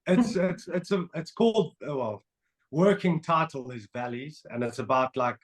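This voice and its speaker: A man's voice: a little high, moderate pace. A man co-hosting a podcast in casual chat, speaking hesitantly with stumbling restarts. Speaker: podcast co-host.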